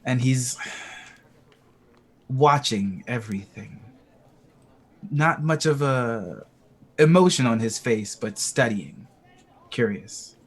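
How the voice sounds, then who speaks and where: Male player, unhurried, describes his character piece by piece. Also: medium pitch, expressive, husky.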